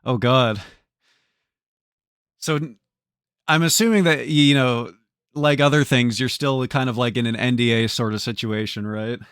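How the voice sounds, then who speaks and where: A man streaming live, chatting casually with his viewers. He gets excited easily and swears a lot while he plays. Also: mid-range voice, moderate pace, pauses often, clear, resonant tone, no room sound, clean studio sound.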